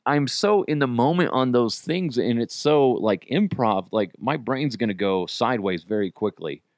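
Animated, rambling male podcast host. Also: mid-range voice, normal speed, no echo, studio quality. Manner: rambling, animated, swearing freely. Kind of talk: casual comedic monologue.

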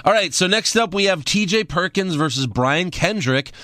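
Bright-voiced sarcastic podcast man. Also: high-pitched, animated, moderate pace, no echo. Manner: sarcastic, jokey. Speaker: podcast co-host recapping wrestling. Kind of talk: casual podcast chat.

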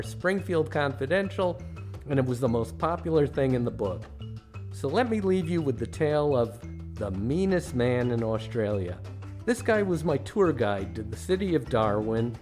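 A man's voice: medium pitch, darkish tone. A middle-aged man from the United States, a podcast host telling comic travel stories with dry, self-mocking jokes. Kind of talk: comic storytelling narration.

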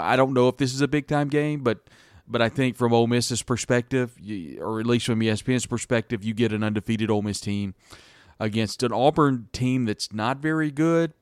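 A man's voice: fairly low pitch, clean tone, no echo, clean studio sound. A man hosting a sports podcast, talking through a college football game in a casual, rambling monologue with frequent restarts. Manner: conversational, frequent restarts and hedges.

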